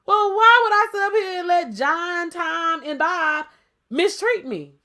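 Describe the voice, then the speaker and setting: A woman's voice: extremely high pitch, animated, measured pace, bright, forceful tone. A woman co-hosting a casual podcast debate, talking emphatically and playfully and firing off rhetorical questions. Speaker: podcast co-host.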